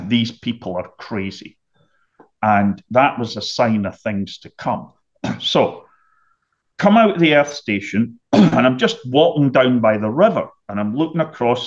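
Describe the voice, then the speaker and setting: A middle-aged man from the United Kingdom, a podcast guest telling a vivid story and often clearing his throat. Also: medium pitch, highs cut off. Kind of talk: storytelling anecdote.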